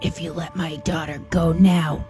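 A woman on a radio show playing a grim middle-aged man who threatens kidnappers, speaking slowly and low. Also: flat delivery. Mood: menacing. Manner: slow, low, menacing delivery. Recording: radio studio with music bed.

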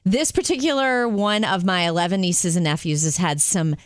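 A woman's voice: on the low side, moderate pace, no room sound. A woman co-hosting a radio show, telling stories in casual on-air chat.

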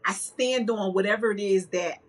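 A woman from the northern United States appears as a guest on an interview podcast, speaking candidly about her life. She is emphatic and outspoken and laughs often, with a medium-pitched voice and a moderate pace, though the audio quality is poor.

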